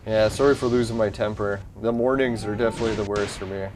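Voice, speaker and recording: A man's voice: fairly low pitch, steady tone, quick pace, background noise. A man giving casual gameplay commentary as a channel host, talking to himself, cursing and getting frustrated as his team loses. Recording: game music playing clearly underneath.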